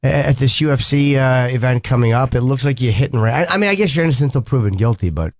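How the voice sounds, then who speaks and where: A man's voice: mid-range voice, expressive, fast, no room sound, clean studio sound. A man co-hosting talk radio, blunt and teasing in casual banter. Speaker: radio co-host.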